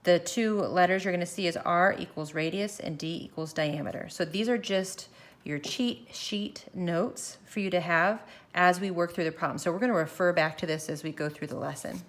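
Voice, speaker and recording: Slightly low-voiced woman math teacher. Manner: walks through steps slowly, thinking aloud. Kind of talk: recorded math lesson. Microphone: phone camera filming her worksheet.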